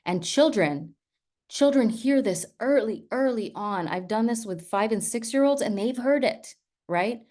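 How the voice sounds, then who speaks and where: Speaking at a measured pace in a slightly high voice, a woman who teaches delivers a talk built on stories. She's lively, often asking "right?" to make sure her listeners are with her.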